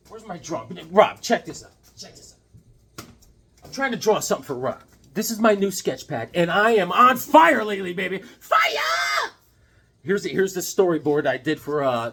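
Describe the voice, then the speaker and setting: A man casually showing off his sketches and comics in an excitable, rambling, jokey way. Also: fairly high pitch, breathy edge. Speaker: comic book vlogger. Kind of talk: casual show-and-tell vlog.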